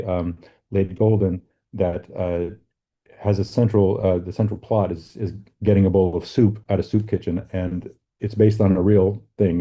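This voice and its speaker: A middle-aged man giving an academic book talk with slides, speaking haltingly with many fillers and repeated words. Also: sits low, highs cut off.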